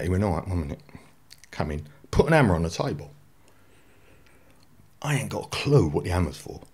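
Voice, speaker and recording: A man's voice: sits low, slightly rough. A man in his forties with a London accent, telling his life story in a blunt, slangy way. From England. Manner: blunt and unpolished, lively storytelling with dropped-in slang. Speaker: guest.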